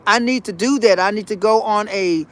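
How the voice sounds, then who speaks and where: A man's voice: sits high, moderate pace. A man vlogging a casual spiritual monologue, folksy and repetitive, calling his viewers honey and y'all. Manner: animated, preachy.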